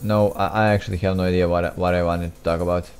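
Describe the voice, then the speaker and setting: Talking fast in a deep, level, darkish voice with a smooth quality, this young man offers offhand gameplay commentary. He mumbles, restarts often, wanders into asides, and is self-deprecating throughout, with game music faintly audible.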